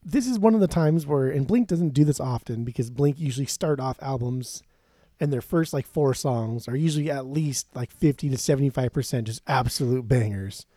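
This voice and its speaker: A man's voice: mid-range voice, fairly quick, warm tone, dry recording, clean studio sound. A man co-hosting a casual music podcast, blunt and opinionated, swearing freely and mocking his co-host's tastes. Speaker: podcast co-host.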